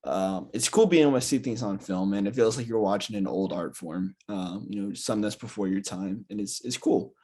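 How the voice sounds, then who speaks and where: A man in his twenties talks through his thoughts on a podcast, hesitant and reflective, with lots of fillers. His voice sits on the low side for a man. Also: fairly quick, few pauses, a little mellow, husky. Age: 20s. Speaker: podcast co-host. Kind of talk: casual chat.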